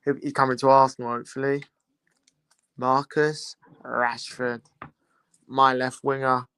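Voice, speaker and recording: A man's voice: medium pitch, monotone, fast talker, pushed and bright, clean tone, no room sound. A young man, casually chatting and teasing his viewers while hosting a live football watchalong. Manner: chatty, teasing banter with chat. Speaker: livestream host.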